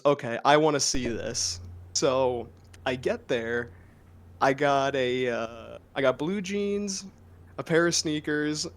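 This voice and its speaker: A man with a New Jersey accent chats on a casual podcast as a game master. He tells stories in a lively, joking way. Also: mid-range voice. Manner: lively storyteller, animated and joking.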